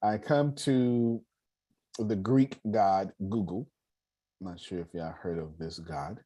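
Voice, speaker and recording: A man with a low voice takes his time as he hosts an online meeting on personal finance. The talk is casual teaching: animated, full of jokes and restarts, with him calling on listeners.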